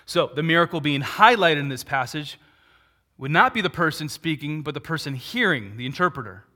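A man, a pastor, preaching a sermon in an animated way, posing rhetorical questions and answering them, swinging between loud emphatic peaks and quiet asides. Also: on the high side, a little fast.

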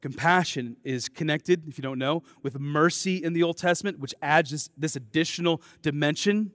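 A man preaching a sermon to his congregation. He swings between soft, intimate asides and loud, emphatic declarations, with casual, self-deprecating remarks. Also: fairly high pitch, moderate pace, no room sound, studio quality. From American Midwest. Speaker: pastor.

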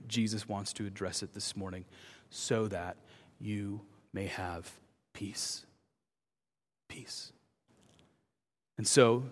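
A man preaching a sermon as pastor, moving between loud urgent emphasis and soft hushed words. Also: medium pitch. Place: church. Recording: long hall reverb.

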